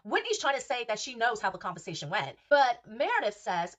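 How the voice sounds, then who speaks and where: A woman's voice: mid-range voice, fast, few pauses, a bit bright. A woman hosting a podcast, recapping reality TV gossip in a sassy, profane and emphatic way. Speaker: podcast host.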